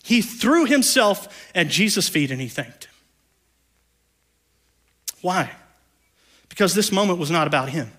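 Preaching as a pastor, the man alternates soft, low-voiced lines with loud, raised ones, and he sprinkles in playful asides in a conversational tone.

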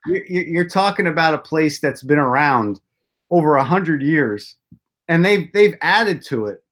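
Chatty storytelling man, higher voice. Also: lively intonation, measured pace, fairly bright tone. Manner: rambling storyteller with self-deprecating jokes. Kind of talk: casual chat.

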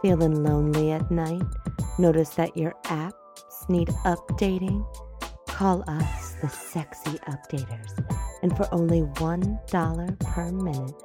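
A woman voicing a sultry saleswoman in a comedy fake ad, talking low and slow with a seductive purr. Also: music in the background. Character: sultry woman pitching a fake phone service.

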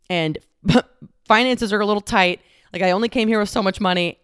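A woman's voice: mid-range voice, clear, resonant tone, no room sound, clean studio sound. A woman in her twenties from the Dallas-Fort Worth area, hosting a casual solo podcast and talking candidly with lots of "like" fillers and some swearing. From Dallas-Fort Worth area, Texas. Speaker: podcast host. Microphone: close studio microphone.

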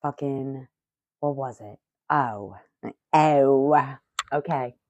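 Middle-aged woman, low mellow voice, excitable cursing chatter, dry dull lo-fi sound. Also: extremely slow, dry recording. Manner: excitable, profane, rambling. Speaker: vlogger. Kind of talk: casual chat.

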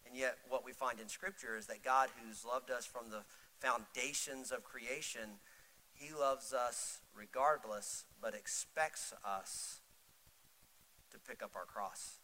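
A middle-aged male pastor preaching a sermon, swinging from loud, urgent pleading to soft, intimate storytelling. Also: mid-range voice, slow pace, poor audio.

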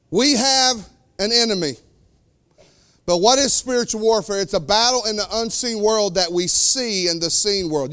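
High-voiced man preaching with passion. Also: a bit bright. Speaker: pastor. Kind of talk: sermon.

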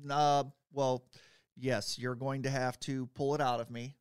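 A man's voice: mid-range voice, little pitch movement, measured pace, clear, resonant tone, no echo, studio quality. A man co-hosting a podcast, playful and eager, laughing easily. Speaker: podcast co-host. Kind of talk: casual chat.

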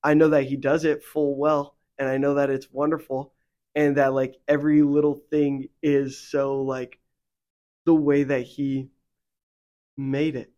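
A man's voice: medium pitch, a little slow, muffled recording. A young man co-hosting a faith podcast, talking casually and rambling with many fillers, getting heated when he vents. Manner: rambling, filler-heavy, animated when venting. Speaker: podcast co-host.

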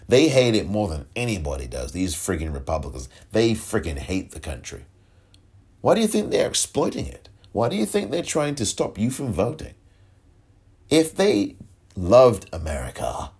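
Deep husky-voiced sarcastic male podcaster. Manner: sarcastic, animated, repeats phrases for effect. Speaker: podcast host. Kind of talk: political commentary monologue. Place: lives in California.

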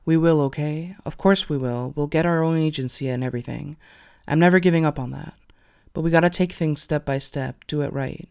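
A man voicing a gentle, devoted young male hero who speaks in a soft, soothing, hushed way. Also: on the high side, a little fast, creaky, smooth. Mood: reassuring.

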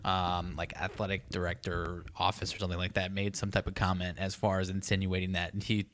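A man with a somewhat low voice chats casually about sports on a podcast. He rambles along, leaning on fillers as he goes. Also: monotone, brisk, a bit bright. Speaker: podcast co-host.

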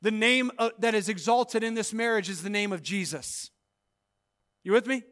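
This man delivers a sermon as pastor in a high-pitched voice. Bursts of rapid urging punctuate his shifts between loud, lingering proclamations and hushed lines.

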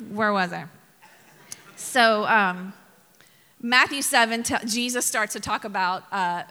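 A woman's voice: medium pitch, sharp tone, in a large hall. A woman pastor from Mississippi preaching a sermon, telling funny stories with laughs and sudden emphatic bursts.

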